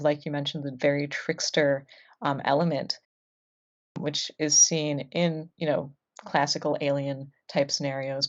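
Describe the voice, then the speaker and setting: A woman hosting a podcast in casual chat, musing aloud with many ums. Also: low-pitched. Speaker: podcast host. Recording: dull lo-fi sound.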